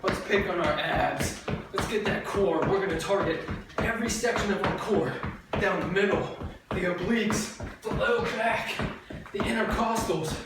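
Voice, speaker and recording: A woman's voice: mid-range voice, normal speed. Upbeat woman coaching a workout in an echoey room. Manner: upbeat, chatty and jokey, cueing moves as she does them. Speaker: fitness instructor. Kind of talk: workout coaching while exercising. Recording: very echoey room, distant mic, audible noise.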